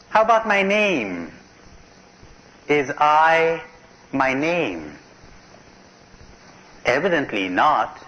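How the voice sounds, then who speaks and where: A man's voice: fairly high pitch, sharp tone. A middle-aged man giving a live talk at a spiritual conference, asking his listeners questions and telling jokes. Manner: questioning, tells jokes to an audience. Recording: dull lo-fi cassette tape recording.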